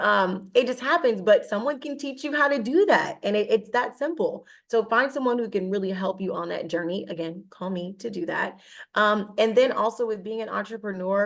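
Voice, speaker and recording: A woman's voice: medium pitch, vocal fry. A woman from Cincinnati, a media personality, giving confident, direct advice as an interview guest. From Cincinnati, Ohio.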